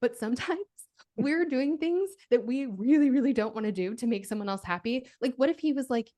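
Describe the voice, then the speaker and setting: Upbeat woman guest, higher voice. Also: a little fast. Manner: energetic, lays out steps, many fillers like "like". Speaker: guest author and podcast host. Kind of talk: casual podcast conversation.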